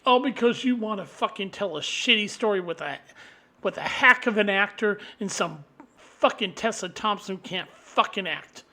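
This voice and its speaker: High, sharp-voiced man ranting hard. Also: normal speed. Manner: profane, combative, swings into loud outbursts. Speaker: vlogger. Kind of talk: angry solo rant to camera.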